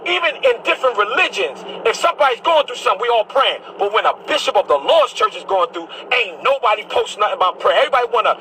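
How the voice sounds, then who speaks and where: A man's voice: high-pitched, expressive, fast talker, few pauses, sharp tone, slight background noise, rough recording. A man from Brooklyn, a bishop delivering a heated, combative monologue to camera, repeating his phrases as he preaches. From Brooklyn, New York.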